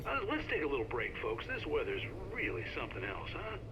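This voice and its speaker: An actor playing a chatty, easygoing radio host in a video game. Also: male voice, medium pitch, wildly swooping pitch, fairly quick. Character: friendly late-night male radio host. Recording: dull radio broadcast with loud noise.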